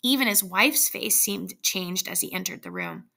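A woman narrating a story aloud in a measured, suspenseful way. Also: on the low side, huge pitch swings, creaky, sharp tone. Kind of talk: dramatic story reading.

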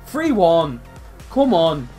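A young man commentating his own football video game, swearing, swinging between loud outbursts and low muttering. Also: wildly swooping pitch, very slow, faint music behind. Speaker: gaming YouTuber. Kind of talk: live gameplay commentary.

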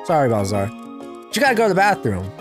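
A woman's voice: a bass voice, big pitch swings, quick pace, over music. A woman giving casual gameplay commentary, sarcastic and playful, chatting to a virtual puppy.

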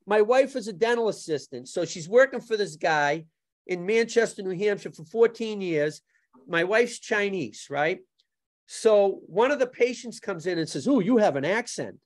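A man's voice: high voice, animated, moderate pace. A man who is a martial arts instructor and guest on a podcast, telling joking stories in casual chat and struggling to pronounce his R sounds. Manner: joking, anecdotal.

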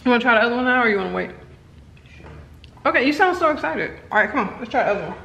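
A woman's voice: on the high side, animated, racing, gravelly, sharp tone. A woman filming a casual home vlog, chatting playfully with her kids and dog. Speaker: vlogger. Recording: echoey room with faint noise.

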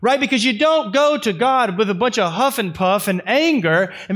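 Lively, passionate male pastor preaching. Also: normal speed, hardly any pauses. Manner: lively preaching that swells high and loud at the climaxes; folksy asides. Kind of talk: sermon.

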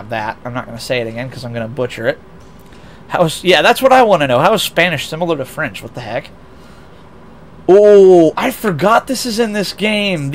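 A man's voice: a little high, a little hiss or hum. A young American man streaming a racing game, chatting casually and rambling with lots of restarts and self-deprecating asides. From United States. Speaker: VTuber streamer. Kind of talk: casual livestream chat, reading chat aloud.

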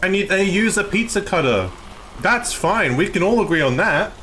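A man with an Australian accent, live-streaming and excitedly arguing with his chat, swearing often. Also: sits high, normal speed, slight background noise.

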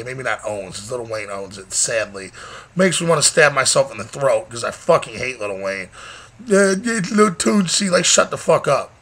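A man's voice: medium pitch, sharp tone, husky. A young man vlogging casually, rambling and joking with heavy profanity. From Michigan, USA. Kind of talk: casual vlog rant.

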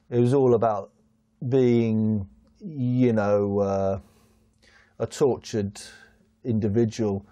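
Flat, dark-voiced man, dry and ironic. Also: lowish voice, takes it slowly, pauses often, no echo. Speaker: interviewee. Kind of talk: wry commentary.

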